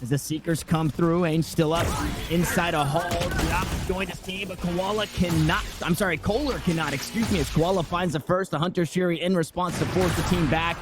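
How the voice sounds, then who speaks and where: A man casting an esports match with play-by-play commentary, talking in excited bursts with frequent restarts. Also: fairly high pitch, normal speed, over music. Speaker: esports caster.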